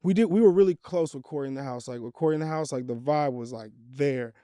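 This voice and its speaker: A man with a mellow, smooth voice chats as a guest among friends. He rambles in a relaxed, filler-heavy way. The recording is dry and close. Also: mid-range voice, fast, no room sound. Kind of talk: casual reminiscing chat.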